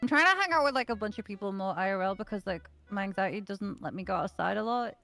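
A woman's voice: medium pitch, animated, fast talker, gravelly, fairly bright tone, soft background music. A woman with a mild Liverpool accent, a guest chatting casually with lots of restarts and casual swearing. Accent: mild Liverpool English. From Liverpool, England. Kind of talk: casual chat.

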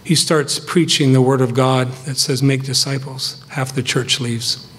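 A man's voice: medium pitch, steady tone, unhurried, a bit bright. A middle-aged man giving a farewell sermon to his church, earnest and emphatic in short, punchy phrases.

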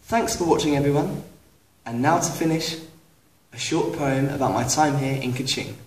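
A man's voice: medium pitch, normal speed, a little hiss or hum. A young British man hosting a comedy travel vlog outdoors, jokey and self-mocking. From Britain. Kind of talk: comic travel vlog narration. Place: outdoors on a mountain trail.

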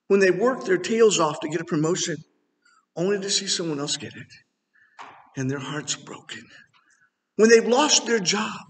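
A middle-aged male pastor preaching a sermon in a church, animated and rising to emphatic near-shouts. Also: high-pitched, moderate pace. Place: church sanctuary. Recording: long hall reverb.

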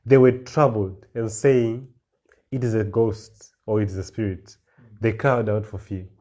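Mellow-voiced man preaching a sermon. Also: on the low side, fairly even intonation. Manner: reads verses slowly, then explains with rising emphasis and repeated words. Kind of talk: sermon, reading and explaining scripture.

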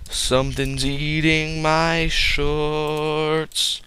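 A man's voice: medium pitch, level tone, extremely slow, few pauses, sharp tone, clear, resonant tone. A man giving casual gameplay commentary, rambling and joking to his viewers. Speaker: game commentator.

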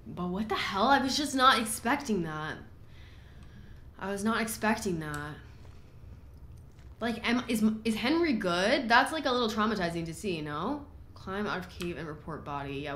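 A woman's voice: fairly low pitch, fairly bright tone. A woman in her twenties giving jumpy, exclaiming commentary while playing a video game. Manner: jumpy, exclaiming, easily startled. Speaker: gaming YouTuber. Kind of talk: let's play commentary. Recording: echoey room, faint noise.

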